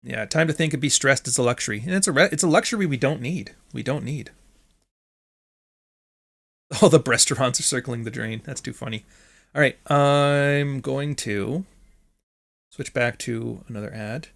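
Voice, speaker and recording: A man's voice: mid-range voice, fairly quick, creaky, fairly bright tone, slightly rough. Rambling Canadian man hosting a stream. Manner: rambling, blunt, swears freely. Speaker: stream host. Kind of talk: casual livestream commentary.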